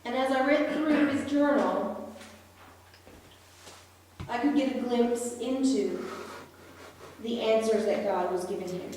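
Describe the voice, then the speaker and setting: A woman preaching a sermon slowly and deliberately, with long pauses. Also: on the high side, darkish tone. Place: church hall. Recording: echoey hall, voice from far off.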